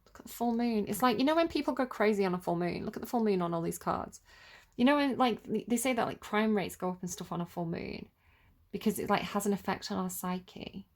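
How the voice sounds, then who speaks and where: A woman's voice: medium pitch, expressive, a little fast. A woman giving a casual tarot reading, talking in a chatty, rambling way with lots of "like" and "you know.". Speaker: tarot reader.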